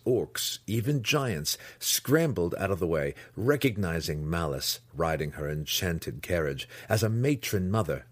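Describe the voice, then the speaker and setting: A man narrating a fantasy audiobook in an expressive storytelling manner, voicing the characters. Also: low voice, slightly rough, no room sound.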